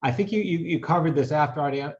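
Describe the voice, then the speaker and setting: A man's voice: on the high side, fast talker, a little mellow, highs cut off. A man asking a question on a video call, polite and hesitant, restarting his sentences.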